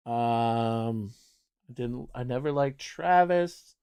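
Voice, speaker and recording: Slow, wry male streamer. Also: mid-range voice, darkish tone. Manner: casual, wry, swears, thinks aloud. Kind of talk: live game commentary.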